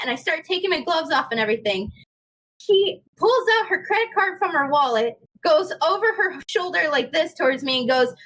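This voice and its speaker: A young woman casually telling a work story, animated and laughing as she acts out what people said. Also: high-pitched, brisk. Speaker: podcast co-host.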